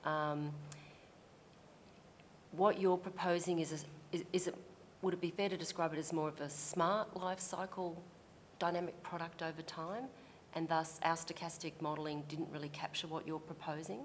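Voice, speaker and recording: Low-pitched Australian woman, a probing, skeptical commissioner at a hearing; faint rumble behind. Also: fairly even intonation, moderate pace. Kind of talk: questioning at a public hearing.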